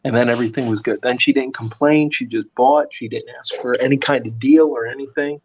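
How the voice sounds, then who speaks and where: A man's voice: mid-range voice, fairly even intonation, brisk, lo-fi sound, a little hiss or hum. A man, a comic artist, chatting casually and telling rambling stories while he draws late at night. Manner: rambling storyteller, lots of fillers. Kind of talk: casual chat while drawing.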